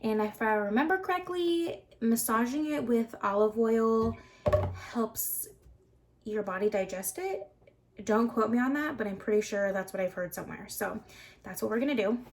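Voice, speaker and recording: A woman's voice: a little high, normal speed. A young woman talking casually through a cooking vlog, chatty and upbeat, with lots of fillers. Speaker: vlogger.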